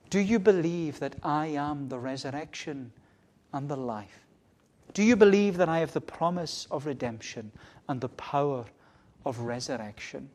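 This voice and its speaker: A man preaching an evening sermon with a fairly high voice. He repeats his key phrases, dropping to a hush and then building to loud, emphatic declarations. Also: expressive, normal speed. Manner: repetitive, emphatic preaching with wide swings between soft and loud.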